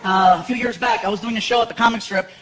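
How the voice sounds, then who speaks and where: A man from Los Angeles doing a stand-up comedy routine, telling animated, self-mocking stories on a theater stage. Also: high voice, fast, slight background noise. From Los Angeles, USA. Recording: echoey theater with roaring crowd.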